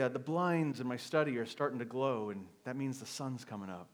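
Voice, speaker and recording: A middle-aged man preaching from the pulpit moves through a personal story, beginning with a quiet confession and growing emphatic. He talks briskly in a mid-range voice with few pauses.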